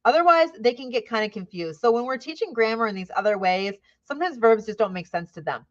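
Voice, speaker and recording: A woman's voice: fairly high pitch, animated, quick pace, highs cut off. Upbeat woman teacher explaining a lesson. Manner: upbeat, frequent "right?" tags, models classroom questioning. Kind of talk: teacher training presentation.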